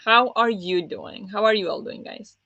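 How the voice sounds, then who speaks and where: A woman with a medium-pitched, sharp, fairly even voice hosts a book readalong livestream at normal speed. She's chatty and friendly, says "um" a lot and greets viewers in chat by name. The audio is dry and comes through a dull lo-fi mic.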